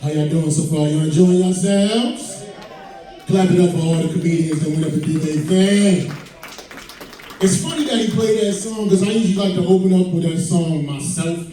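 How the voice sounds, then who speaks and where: A stand-up comedian from Hartford, Connecticut, joking loosely with the crowd, singing snatches of songs and sounding out of breath. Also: male voice, a little high, warm tone. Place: comedy club stage. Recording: echoey club from far off.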